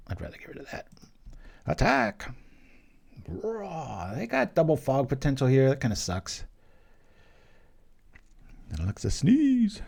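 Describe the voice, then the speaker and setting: A man's voice: on the low side, mellow. A man giving casual, rambling commentary over a card game he is playing, joking and chatting between plays. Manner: rambling, jokey, chatty asides. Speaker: gameplay commentator.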